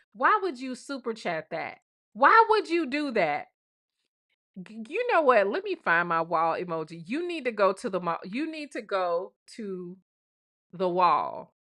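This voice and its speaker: A woman hosts a live stream, reading viewer messages and reacting in a sassy, emphatic way. Her voice is bright and keen, set at an ordinary middle pitch. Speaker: livestream host.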